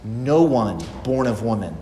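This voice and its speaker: A man's voice: mid-range voice, lively intonation, measured pace, noisy background. A man preaching a sermon as pastor, emphatic and repeating phrases for stress. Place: church sanctuary. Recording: echoey church hall.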